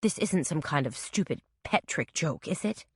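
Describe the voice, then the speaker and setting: A woman voicing a brash, sleepy young woman from New Orleans who speaks in a quiet drawl with a New Orleans accent, in an audiobook. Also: low voice, lively intonation, normal speed, husky, no echo, studio quality, full character voice. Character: sleepy, brash Southern woman, shop owner.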